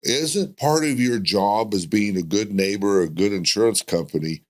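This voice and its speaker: A man's voice: lowish voice, moderate pace. A man hosting a podcast, talking casually and emphatically, with frequent rhetorical questions. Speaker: podcast host.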